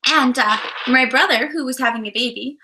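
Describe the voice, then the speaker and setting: Woman, from Canada, livestream host, giggly chatter, bright tone. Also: sits high, brisk, a little hiss or hum. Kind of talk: casual livestream chat.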